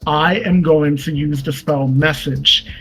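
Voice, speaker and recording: Eager, halting male player. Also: a little high, steady tone, fairly bright tone, faint music behind, rough recording. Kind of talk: casual play chat.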